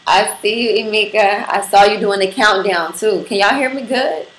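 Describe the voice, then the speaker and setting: A woman's voice: medium pitch, normal speed, a bit bright. A woman from Brooklyn hosting a casual livestream, brash and profane, talking straight to her viewers. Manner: brash, profane, playful, addresses viewers directly. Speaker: livestream host. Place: apartment room in Brooklyn. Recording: echoey room with faint background noise.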